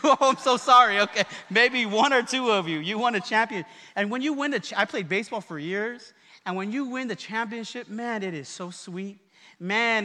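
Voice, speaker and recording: High, bright-voiced preaching pastor. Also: male voice. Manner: preaching with call-and-response and jokes. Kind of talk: sermon. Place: church.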